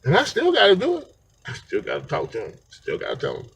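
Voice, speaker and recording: High, lively-voiced man rambling to camera. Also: fast, vocal fry, a little hiss or hum. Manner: rambling, animated, laughs often, slangy. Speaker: vlogger. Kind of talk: casual unscripted monologue.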